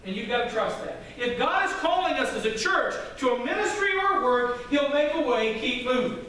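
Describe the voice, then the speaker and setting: A male pastor preaching a sermon to his congregation, loud and emphatic, with asides to the room. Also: very high voice, animated, fairly quick. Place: church sanctuary. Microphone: microphone at a distance. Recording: very echoey hall, from far off, faint noise.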